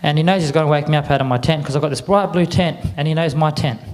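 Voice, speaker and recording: Fast-talking Australian man addressing a crowd. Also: on the high side, fairly even intonation. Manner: chatty, quizzes the crowd with call-and-response. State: a bit croaky. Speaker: cultural presenter. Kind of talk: lively audience address.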